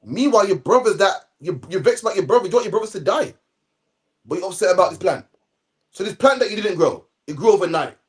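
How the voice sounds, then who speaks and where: A man leads a Bible study in a loose, slangy way, punctuating lines with "man". His voice sits high and his words come out quick and animated. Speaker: Bible teacher. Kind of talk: casual Bible study commentary.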